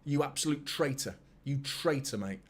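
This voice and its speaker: Man, mid-pitched voice, excitable, chatty, live watchalong host. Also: normal speed. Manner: excitable, chatty, greets viewers by name, repeats himself. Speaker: fan channel host. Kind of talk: live football watchalong chat.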